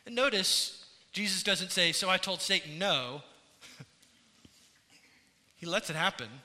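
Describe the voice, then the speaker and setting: A man's voice: sits high, lively intonation, a little slow, pushed and bright. A man preaching a sermon to his congregation in an earnest way that rises and falls in intensity. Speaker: pastor. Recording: church hall with long reverb.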